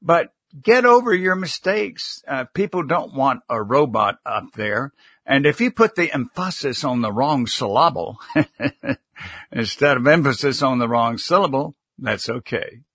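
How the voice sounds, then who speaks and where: A man who works as a communication consultant, a guest on a live interview who gives advice in a measured, instructive way with light humor. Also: medium pitch, big pitch swings, fairly bright tone, no echo, studio quality.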